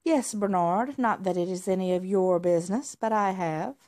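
A woman's voice: mid-range voice, moderate pace, dark tone, close to an everyday voice. A woman voicing a lazy, spoiled, snobbish male house cat who grunts and demands, in a read-aloud storybook. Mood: grumpy. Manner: grumpy, demanding, huffy.

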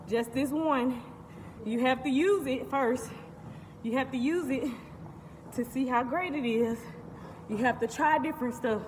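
A woman's voice: high-pitched, big-room sound, slight background noise. A woman vlogging while she walks on a treadmill at the gym, talking upbeat and thankful about moving her body and self-care. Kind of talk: casual vlog while working out.

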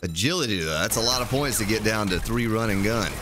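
A man's voice: lowish voice, expressive, quick pace, background noise. A male game streamer giving live gameplay commentary, talking playfully to himself and to his viewers in the chat.

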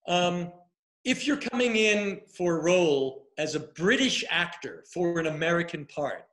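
A man's voice: a little high, fairly bright tone. A middle-aged man who works as a casting director and acting coach, giving candid, emphatic advice in a conversational livestream Q&A. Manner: emphatic, conversational, with filler and restarts.

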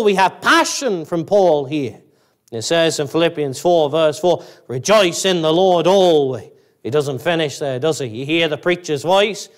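A man preaching an evangelical sermon in church, fervent and emphatic, asking his listeners rhetorical questions and climbing high on exclamations. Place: church, evening service.

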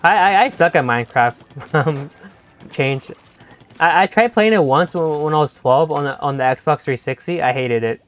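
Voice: medium pitch, normal speed. A young-adult game streamer chatting playfully with viewers during a live session, laughing often and teasing the chat.

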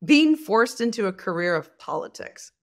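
A woman guest on a podcast, a leadership coach, talking in a bubbly, expressive way and laughing often. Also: medium pitch, moderate pace. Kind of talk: casual podcast interview.

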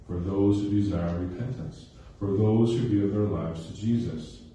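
A man with a low, warm, mellow voice preaches a sermon, pausing to ask "okay?" and "right?" and repeating lines for weight. He is heard from some distance in a very reverberant hall, with a faint hiss underneath. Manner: checks in with listeners with frequent "okay?" and "right?"; repeats phrases for emphasis. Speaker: pastor. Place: recreation center used for church service.

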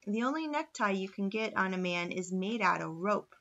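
A man's voice: high-pitched, expressive, moderate pace, vocal fry, pushed and bright, highs cut off, exaggerated voice. A woman voicing a folksy, plain-talking old gold miner with a backwoods drawl.

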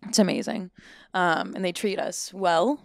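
A woman's voice: on the low side, unhurried, creaky, dry recording, studio quality. A young adult woman, a podcast guest, chatting casually and playfully, laughing often. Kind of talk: casual chat.

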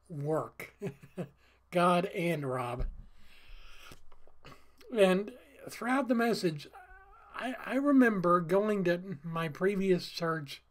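Slow, earnest man laughing softly. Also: high-pitched. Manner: earnest, halting, laughs often between phrases. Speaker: vlogger. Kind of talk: casual heartfelt vlog talk.

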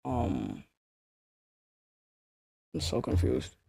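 A woman's voice: a bass voice, wildly swooping pitch, drawn-out words, creaky, mellow, slightly rough, no echo. A young woman chatting casually to her livestream chat, slangy and swearing, often laughing in disbelief. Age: young adult. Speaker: streamer.

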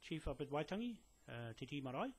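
This man, claiming land, lectures a police detective straight to camera from indoors, brisk and very animated. His voice is fairly high with a breathy edge, and his insistent message rambles with frequent fillers and restarts.

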